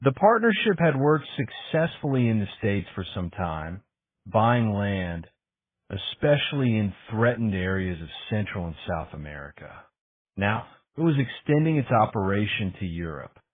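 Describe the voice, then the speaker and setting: A man reading a novel aloud as audiobook narrator, in an even, descriptive way. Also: fairly low pitch, normal speed, dry recording. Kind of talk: scripted narration. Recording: tinny phone-like sound.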